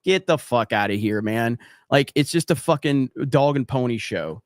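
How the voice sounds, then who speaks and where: A man's voice: mid-range voice, expressive, moderate pace, no echo, studio quality. A man hosting a casual livestream podcast, reading chat comments and ranting bluntly with plenty of profanity.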